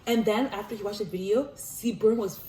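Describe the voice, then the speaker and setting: A woman hosting a casual chat, loud and animated, swearing freely and mimicking others as she goes. Her voice sits in the middle range and echoes around the room. A faint noise hangs underneath. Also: medium pitch, fairly quick. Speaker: host.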